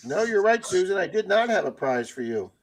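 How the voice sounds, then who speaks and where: A chatty man hosting a casual live stream, with a high voice that has a gravelly edge. He talks loosely, tells anecdotes and reads out viewer comments as he goes. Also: sing-song, brisk. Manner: chatty storyteller reading viewer comments aloud.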